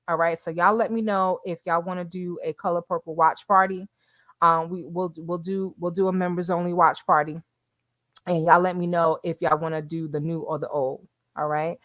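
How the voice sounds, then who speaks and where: A woman's voice: fairly low pitch, steady tone, moderate pace, no echo, muffled recording. Woman livestream host, casual chat, laughs a lot, dry close sound. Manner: chatty, laughs often, addresses viewers as y'all.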